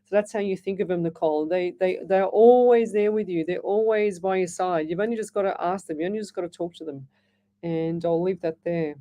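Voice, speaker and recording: Rambling, mellow-voiced Australian woman on radio. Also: fairly low pitch, fairly quick. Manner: chatty and rambling, with many restarts, calls listeners "lovey". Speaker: psychic medium radio host. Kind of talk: live radio call-in show, reading listener messages.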